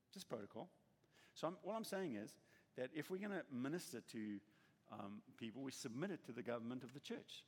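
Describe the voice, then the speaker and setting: In an echoey church hall with long reverb, a male pastor delivers a sermon full of animated storytelling, voicing the people he quotes. He speaks a little fast in a mid-range voice with a breathy edge.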